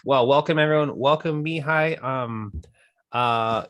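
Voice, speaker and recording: A man's voice: mid-range voice, measured pace, fairly bright tone, slight background noise. A man hosting a group video call, talking in an upbeat, rambling way with many fillers. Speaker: host of a group coaching call.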